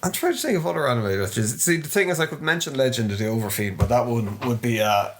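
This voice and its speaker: A man's voice: medium pitch, lively intonation, fast, slight background noise. A middle-aged Irish man co-hosting a podcast, chatting casually and teasing with a rambling, restarting manner. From Ireland. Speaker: podcast co-host. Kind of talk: casual chat.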